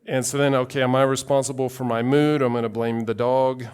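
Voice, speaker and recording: A man's voice: medium pitch, little pitch movement, brisk, a little mellow, clean tone. A male pastor giving a conversational sermon, telling personal stories with asides and acting out quoted voices.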